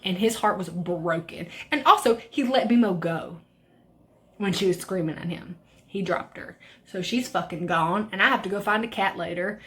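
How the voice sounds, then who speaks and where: A young woman talks straight to camera through a makeup routine, loose and rambling. She swears freely and keeps drifting into angry rants before she picks the tutorial back up. Her pitch sits at an ordinary middle height for a woman. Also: normal speed, fairly bright tone. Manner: profane, ranting, rambling. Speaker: beauty vlogger. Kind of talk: casual makeup tutorial chat.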